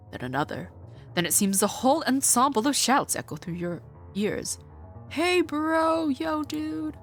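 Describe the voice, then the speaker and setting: A woman streamer playing a visual novel, reading it aloud and reacting with expressive, swearing outbursts. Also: on the low side.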